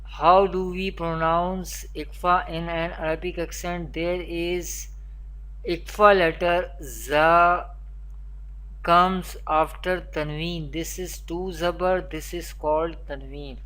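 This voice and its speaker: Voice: medium pitch, fairly even intonation, slow, fairly bright tone. A Quran teacher giving a beginner recitation lesson, naming letters one at a time and repeating spelling drills. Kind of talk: recorded beginner pronunciation lesson.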